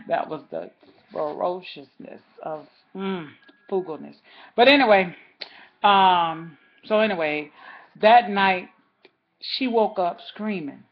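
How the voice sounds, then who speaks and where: A woman's voice: on the low side, slow pace, lo-fi sound. A woman vlogger telling a rambling story in a casual, chatty way, talking straight to her viewers.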